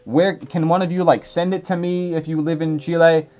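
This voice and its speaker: A young man in his twenties reads out viewer comments in a casual, rambling, chatty way, packed with fillers. His voice is a little high, warm and level, at a moderate pace.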